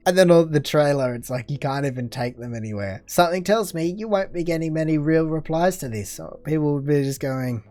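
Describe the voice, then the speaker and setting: A man's voice: on the high side, a little fast, hardly any pauses, a little mellow, dry recording. A man hosting a reaction video, reading posts aloud and mocking them with sarcastic, incredulous commentary. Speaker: reaction channel host.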